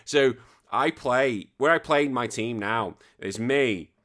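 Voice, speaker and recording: A man from northern England, near Liverpool, hosting a podcast and answering listener questions in sweary, joking, animated rants. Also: medium pitch, slow. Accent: Northern English, near Liverpool. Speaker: podcast host. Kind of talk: casual chat reading listener questions.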